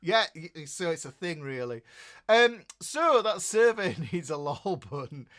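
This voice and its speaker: A man's voice: fairly high pitch, very animated, a little slow, a bit bright. A middle-aged man with a Yorkshire accent, hosting a casual guitar livestream and chatting in a jokey, rambling way. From Yorkshire, England. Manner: jokey, chatty and rambling, greeting viewers by name.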